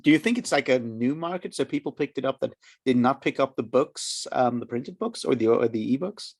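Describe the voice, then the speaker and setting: A male podcast host at a middle pitch, asking questions in a relaxed, rambling way. He laughs easily and fills gaps with ums and likes. The sound is dry and close, with no room around it. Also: brisk, no echo. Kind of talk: casual interview questions.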